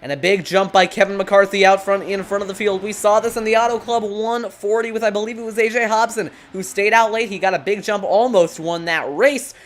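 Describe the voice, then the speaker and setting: A lead commentator calling an online sim race play-by-play, briskly reeling off drivers, positions and track corners. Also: medium pitch, steady tone, a little hiss or hum.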